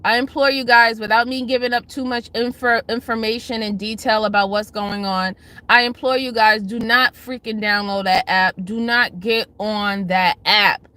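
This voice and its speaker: Bright, high-voiced woman livestream host. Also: fairly even intonation, moderate pace. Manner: greets chatters by name, lectures and pleads; emphatic, repeats herself. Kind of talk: casual livestream commentary.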